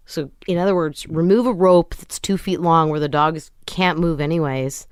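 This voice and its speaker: A middle-aged woman talking as a podcast guest, candid and wry, deadpan even about hard subjects. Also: sits low, moderate pace, smooth, no room sound, studio quality. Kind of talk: casual conversation.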